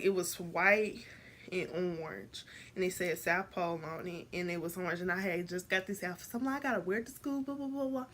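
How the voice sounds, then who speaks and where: A teenage girl vlogger telling a casual storytime, rambling with many restarts and jumping into voices for quotes. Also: slight background noise. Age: teens. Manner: animated, jumps into high voices to act out quotes.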